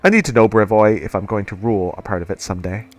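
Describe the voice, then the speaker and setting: A man's voice: fairly low pitch, fast, faint music behind, close to an everyday voice. A man voicing a polite, scheming seventeen-year-old noble heir in a game. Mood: persuasive.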